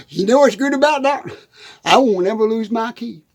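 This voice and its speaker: A man's voice: extremely high pitch, normal speed. A man rambling through a comic monologue in a hot, dusty shed. He giggles through his words and keeps stumbling over them. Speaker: country comedian.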